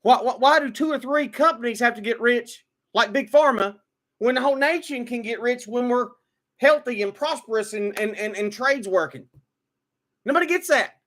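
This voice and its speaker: High-voiced man ranting with stammered restarts. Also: moderate pace, fairly bright tone. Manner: repetitive stammering restarts, rising to emphatic outbursts. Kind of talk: opinionated monologue.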